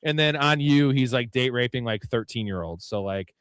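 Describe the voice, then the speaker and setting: A man's voice: mid-range voice, normal speed, fairly bright tone, clear, resonant tone, no echo. A man co-hosting a live sports talk show, chatting casually and rambling with profane jokes and laughter. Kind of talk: casual chat.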